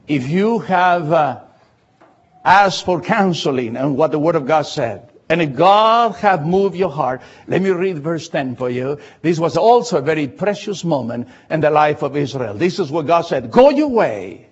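A man with an accent delivers a fervent sermon in an auditorium, his voice husky and pitched a little high. His emphasis rises and falls as he preaches. The sound is dull and lo-fi, as if heard over a radio broadcast. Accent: non-native English accent. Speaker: pastor. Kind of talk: sermon and closing prayer.

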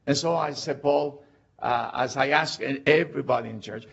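A man, a pastor, telling a story in a sermon, halting with fillers and then pressing hard with questions. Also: mid-range voice, gravelly, fairly bright tone, slight background noise. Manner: hesitant with many fillers, rising to emphatic questions. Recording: dull lo-fi recording.

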